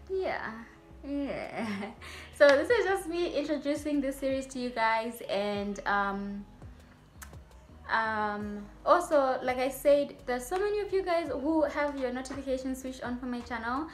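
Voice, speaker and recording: A woman's voice: high-pitched, measured pace, faint music behind. A young adult woman, a medical student vlogger, talking to her viewers in a chatty, rambling way with playful asides. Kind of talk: casual vlog talk to viewers.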